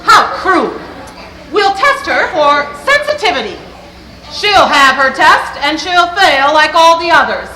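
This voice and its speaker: A woman's voice: sits high, sing-song, unhurried, pushed and bright, a faint crowd, exaggerated voice. A young woman playing a haughty scheming queen. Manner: haughty, theatrical stage delivery. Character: domineering scheming queen mother. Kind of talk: amateur stage musical performance. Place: school auditorium stage. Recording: echoey hall with noisy live ambience.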